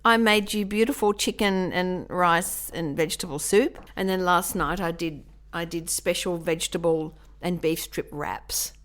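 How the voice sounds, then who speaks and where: A woman's voice: lowish voice, unhurried, hardly any pauses, fairly bright tone. A woman, co-hosting a podcast and telling a long everyday story in casual, rambling chat. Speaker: podcast co-host.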